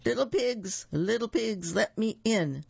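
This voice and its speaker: A man reading a picture book aloud, voicing a gruff big bad wolf who shouts and growls threats. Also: sits high, lively intonation, measured pace, dry recording, dull audio, pitched above the performer's own voice, heavily acted. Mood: booming.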